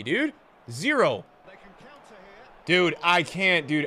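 Bright-voiced young male streamer. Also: sits high, moderate pace. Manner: excitable, swings from mumbling to shouting, heavy slang. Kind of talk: live gameplay commentary.

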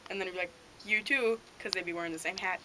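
A dim, cheerful male deer hunter, played by a woman in a homemade comedy sketch, rambling through his story with a deadpan delivery. His voice sits at a middle pitch. The home video recording carries a clear layer of background noise. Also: fast, natural voice, poor audio.

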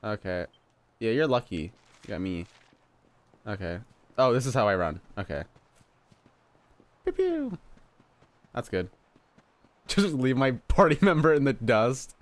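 A man's voice: medium pitch, expressive, unhurried, long pauses. A young man casually commentating a role-playing game as he plays, swearing often and laughing and exclaiming at surprises. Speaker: let's play gamer.

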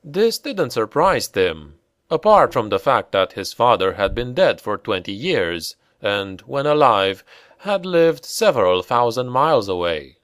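Slow, measured male audiobook narrator. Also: mid-range voice, very animated, a bit bright, no room sound, studio quality. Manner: measured, deliberate reading. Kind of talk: scripted narration.

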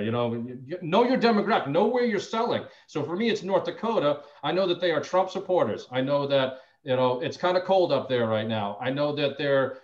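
Man, sales agent, casual training talk, animated, slightly high voice, muffled call audio. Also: fairly quick, hardly any pauses. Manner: animated, acts out both sides of phone calls. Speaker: insurance sales agent sharing call tips.

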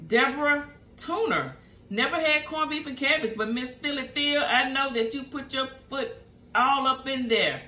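A woman's voice: sits high, normal speed, sharp tone, echoey room. An older woman, hosting a home cooking show and chatting folksily as she reads viewer comments aloud. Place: home kitchen.

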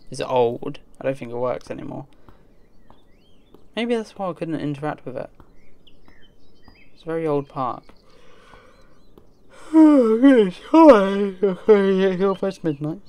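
A man's voice: mid-range voice, creaky, a little mellow. Jumpy, chatty young male gamer. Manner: chatty, jumpy, gasps and sighs when startled. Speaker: let's play gamer. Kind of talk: casual gameplay commentary. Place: home desk with chair.

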